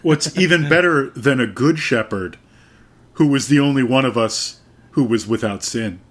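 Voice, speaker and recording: A man co-hosting a podcast, making dry, deliberate jokes in casual chat. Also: mid-range voice, a bit bright.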